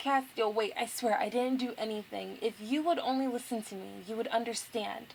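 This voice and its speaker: A woman's voice: on the high side, brisk, gravelly, breathy edge, low-quality recording. A woman voicing a desperate teenage girl heroine from a dating game, reading her lines in a pleading way. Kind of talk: reading game dialogue aloud.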